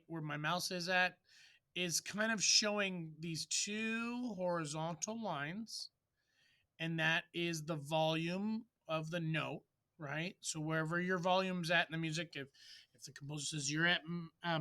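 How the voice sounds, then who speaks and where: Bright-voiced man teaching wind articulation. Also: a little high. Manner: demonstrates articulation syllables aloud; loose and chatty, with fillers and restarts. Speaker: music teacher. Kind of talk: casual instructional talk.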